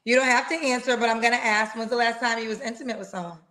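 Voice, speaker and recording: A woman's voice: on the high side, fairly even intonation, rapid-fire, sharp tone. A woman hosting a live singles dating stream over a video call, chatty and playful, sprinkling in slang like "girl" and "child". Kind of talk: casual live-stream chat.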